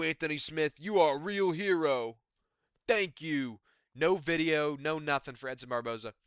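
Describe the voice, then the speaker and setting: A man's voice: on the high side, pushed and bright, clear, resonant tone, no room sound, studio quality. A man giving a rambling, profane, exasperated casual recap of a fight card. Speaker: MMA commentary YouTuber.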